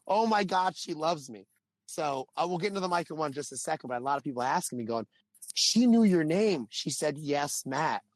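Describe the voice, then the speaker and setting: A married man co-hosting a podcast, telling a long anecdote in casual chat and acting out the quotes with animated swings in voice. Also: medium pitch, no room sound. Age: adult, married. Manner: animated storytelling with acted-out quotes. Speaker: podcast co-host.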